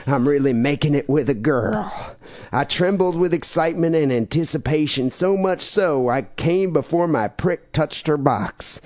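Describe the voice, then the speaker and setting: A man's voice: fairly high pitch, animated, normal speed, darkish tone, muffled recording, lightly acted. A man putting on a drawling Southern cult leader. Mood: reminiscing.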